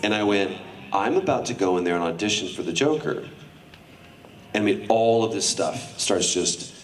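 A man's voice: lowish voice, animated, moderate pace. A middle-aged man speaking as a guest on a convention panel, telling a story to a live audience with lots of animation and acting out other people's lines in raised voices. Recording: roomy hall sound, mic at a distance.

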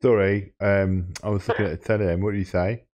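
Young guy, low-pitched, cheeky deadpan troll doing a prank call. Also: fast talker. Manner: cheeky, mock-serious trolling banter. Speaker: prank caller and channel host. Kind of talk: casual prank phone call and channel plug.

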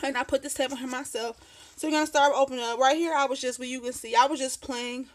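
A craft vlogger in her thirties rambles through a casual show-and-tell at her home desk, laughing often and sounding slightly out of breath. Her voice is high-pitched and steady in tone, and she talks quickly.

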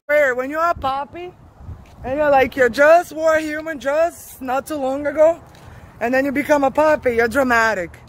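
High-voiced woman rambling casually outdoors. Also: moderate pace. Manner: profane, offhand, laughs often. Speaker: vlogger.

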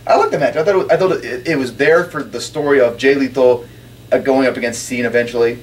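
A man chatting casually as a podcast co-host, excitable and full of restarts while reviewing a show. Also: mid-range voice, far from the mic. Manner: fast, excitable, lots of fillers and restarts. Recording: roomy, off-mic, light background noise.

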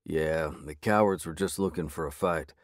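A man voicing a huge blue werewolf ex-soldier with an East Texas drawl and a low, growly voice. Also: moderate pace, no echo, clean studio sound. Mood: calm reassuring.

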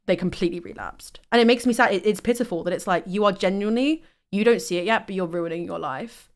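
A young woman talks quickly and candidly, her words tumbling out in a rush. She is hosting a casual stream chat, grows heated, and swears freely. Her pitch sits in an ordinary middle range. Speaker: streamer host.

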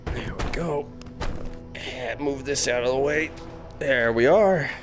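Over music, a VR game streamer improvises a comedic dad role-play while playing, his voice medium in pitch and his pace slow. He swings back and forth between coaxing and panicked outbursts.

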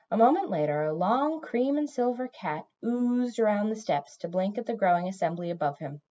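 A woman narrating a fantasy novel with a lively, rising and falling delivery. Her reading is expressive and engaged. The recording sounds slightly dull and lo-fi. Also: mid-range voice, normal speed, few pauses. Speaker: audiobook reader. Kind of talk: storybook narration.

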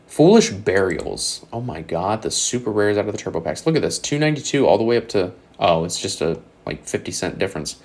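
A young man with a deep, low-pitched voice talks through collectible card prices in a loose, casual commentary. He is blunt and sarcastic and swears now and then. His voice is a little hoarse, as if he is losing it. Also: animated, fairly quick, hardly any pauses. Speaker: channel host.

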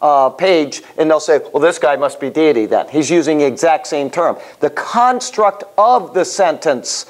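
A man's voice: a little high, expressive, moderate pace, few pauses. A man leading a Bible study class in a conversational way, asking the class questions as he teaches. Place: room with a small class.

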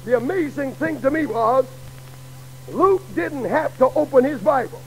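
A middle-aged man preaching a sermon in a dramatic way that builds to shouts, on an old radio broadcast. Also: very high voice, lively intonation, unhurried, a little hiss or hum, low-quality recording.

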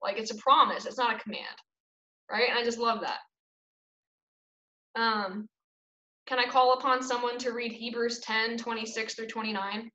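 A young woman teaches a casual Bible study in an animated, chatty way, scattering "like" through her talk. Her voice sits a bit high. The sound is dull and lo-fi, with a lot of room echo. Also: moderate pace, pauses often. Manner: chatty and animated, lots of "like" fillers.

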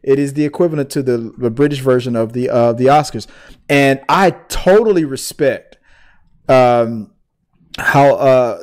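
A man's voice: medium pitch, darkish tone. A man from the United States co-hosting a casual talk show, rambling with many restarts. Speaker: podcast co-host. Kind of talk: casual chat.

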